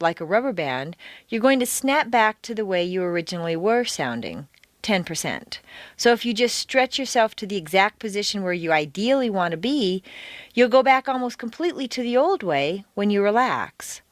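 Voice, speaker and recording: A woman reading a scripted lesson, clear and deliberate, exaggerating stress in her examples. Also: medium pitch, sing-song, no room sound. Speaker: accent coach.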